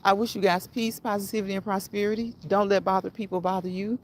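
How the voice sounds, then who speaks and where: A woman hosts a casual live stream. She repeats her phrases and encourages her viewers, at a mid pitch for a woman. Faint noise sits under her voice. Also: fairly even intonation, quick pace, a little mellow. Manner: repetitive, encouraging, laughs at own phrases. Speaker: livestream host.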